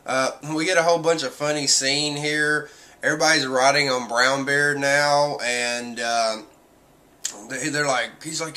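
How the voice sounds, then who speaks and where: A man's voice: a little high, fairly even intonation, normal speed, sharp tone. A man casually reviewing a manga chapter, rambling through the story with many fillers and acting out quotes.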